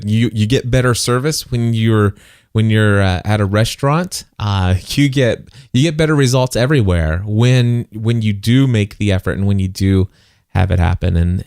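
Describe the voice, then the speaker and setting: Man, podcast host, low voice, casual chat, storytelling, dry close mic. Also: no echo. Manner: storytelling, animated when quoting people.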